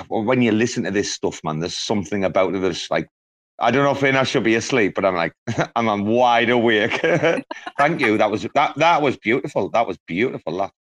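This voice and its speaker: A man chatting as a guest on a podcast, rambling with lots of restarts and growing excitement. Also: mid-range voice, normal speed. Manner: rambling and enthusiastic, many restarts. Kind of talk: casual podcast chat.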